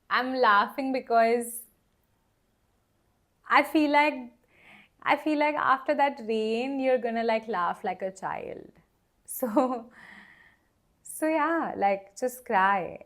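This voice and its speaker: A young woman giving a casual tarot reading, talking gently and rambling with lots of fillers and soft laughs. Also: fairly high pitch. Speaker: tarot reader.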